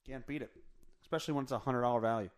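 A man's voice: mid-range voice, racing. A man hosting a podcast, riffing crudely through a news story in a rambling, profane, off-the-cuff way. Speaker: podcast host. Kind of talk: crude comedic news rant.

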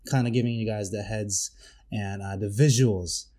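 A man's voice: on the low side, steady tone, moderate pace, warm tone. A man co-hosting a casual podcast, enthusiastic and jokey, reacting and telling stories. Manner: enthusiastic, jokey, acts out quotes. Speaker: podcast co-host.

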